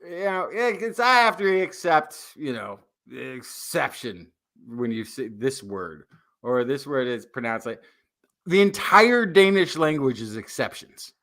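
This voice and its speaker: A man co-hosting a science podcast, chatting casually in a rambling, animated way with many restarts. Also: mid-range voice, unhurried. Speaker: podcast co-host. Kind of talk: casual chat.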